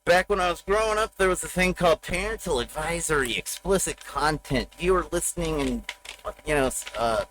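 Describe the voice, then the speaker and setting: A middle-aged man talks straight into his desk mic on a livestream, his voice sitting a bit high for a man. He rambles in a raw, confessional rant, cursing freely and swinging from bravado to grim candor. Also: a bit bright, a little hiss or hum, poor audio. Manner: blunt, profane, confessional rant. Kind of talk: rambling personal monologue.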